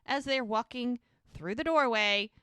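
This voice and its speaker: Bright-voiced woman podcast host, animated storyteller. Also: on the high side, unhurried, smooth, no echo. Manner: animated storyteller acting out scenes. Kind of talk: casual chat recapping a TV episode.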